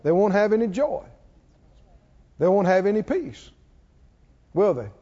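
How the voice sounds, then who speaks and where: A man preaching a sermon, calling on the congregation to answer back and building up to shouts. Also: high voice, sing-song, unhurried. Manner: call-and-response, coaxing the congregation, rising to shouts. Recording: dull sound with long hall reverb.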